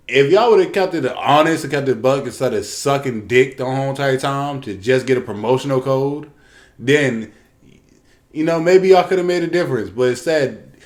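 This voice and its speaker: Profane, ranting young man. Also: medium pitch. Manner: profane, ranting, animated impressions of others. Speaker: podcast co-host. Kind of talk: casual podcast rant.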